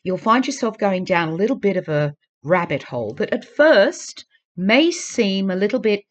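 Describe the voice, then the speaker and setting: In a casual vlog, a woman speaks directly to camera in a mid-pitched voice at a moderate pace, with big swings in pitch. Earnest and urging, she repeats her pleas again and again to drive her point home.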